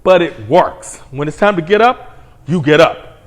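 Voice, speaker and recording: Man, host, ranting monologue, blunt, crude, heated, high-pitched, very animated. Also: a little slow. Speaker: commentary host.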